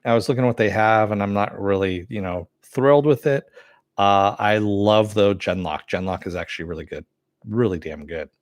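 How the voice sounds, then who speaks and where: A man giving a casual spoken review of an animated series, rambling with many fillers and self-corrections, and answering chat as he goes. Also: fairly low pitch, moderate pace, no room sound, clean studio sound. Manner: reads and answers live chat.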